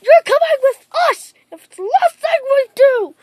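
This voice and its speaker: Enemy ninja who threaten and panic by turns, put on by a woman telling the tale. The voice is very high and slow, recorded close and dry. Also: sing-song, no echo, heavily acted. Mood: alarmed. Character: group of hostile male ninjas, panicky.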